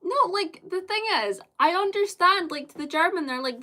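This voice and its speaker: A woman's voice: very high voice, animated, normal speed, bright, forceful tone. A British woman live-streaming, chatting casually with viewers in a rambling way and laughing often.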